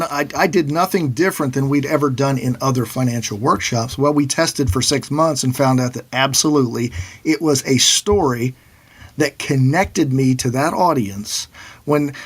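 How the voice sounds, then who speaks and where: A middle-aged man, a financial planner, telling a personal story in a conversational, animated way. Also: medium pitch, husky. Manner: animated storyteller who acts out quoted voices.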